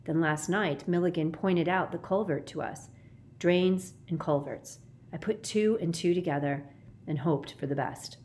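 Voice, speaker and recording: Woman voicing brisk bold girl Kate. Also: lowish voice, darkish tone, a little hiss or hum, lightly acted. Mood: matter-of-fact. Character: tough bold girl, Kate, cold and soaked.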